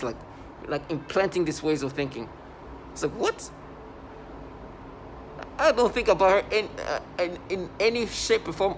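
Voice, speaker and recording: A man's voice: sits high, slight background noise. A man talking to his camera in an agitated, indignant monologue, stopping and restarting often. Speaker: vlogger.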